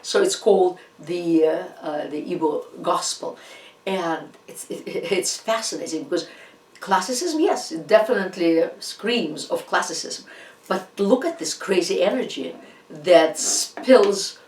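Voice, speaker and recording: A woman with a Russian accent, a native Russian speaker, giving an informal art history lecture with many fillers and restarts. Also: lowish voice. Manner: halting, many fillers and restarts, animated asides. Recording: roomy echo, distant from the mic.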